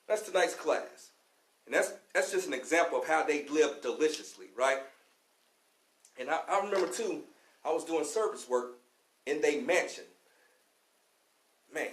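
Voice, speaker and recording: A man from Kentucky delivers a fiery, slangy lecture as a class teacher. His voice sits a little high and he leans on "you know what I'm saying." The room around him rings with echo. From Louisville, Kentucky, US. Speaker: class teacher on a radio show. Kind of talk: preaching street-talk lecture.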